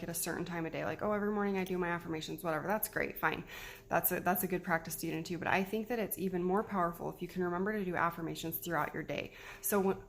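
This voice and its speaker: A woman's voice: fairly low pitch, a little hiss or hum. A woman in her thirties, a mom giving self-care tips in a chatty, encouraging way to camera. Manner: chatty, encouraging, repeats herself. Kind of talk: casual talk to camera.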